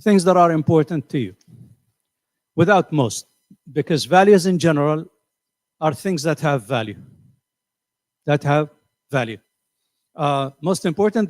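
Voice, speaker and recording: A man's voice: on the high side, normal speed, long pauses, darkish tone, no echo. A middle-aged man teaching a class, asking his students questions and often repeating words as he thinks. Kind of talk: classroom lecture.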